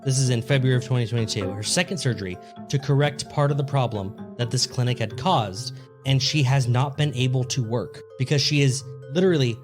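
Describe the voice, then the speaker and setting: A man's voice: medium pitch, brisk, music in the background. A man co-hosting a casual podcast, reading out a news story with crude jokes and frequent laughs. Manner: laid-back, crude joking, laughs often. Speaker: podcast co-host.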